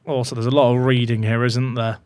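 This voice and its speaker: A man's voice: medium pitch, little pitch movement, a little fast, a little mellow, clear, resonant tone, dry recording. A man casually commentating on his football management game, chatty and full of joking asides to his viewers. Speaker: gaming YouTuber.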